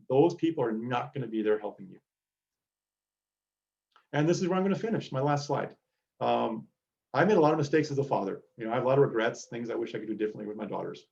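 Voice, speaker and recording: A man's voice: a little high, warm tone, dull audio. A middle-aged man, a DEA agent, giving an earnest motivational lecture to students over a video call.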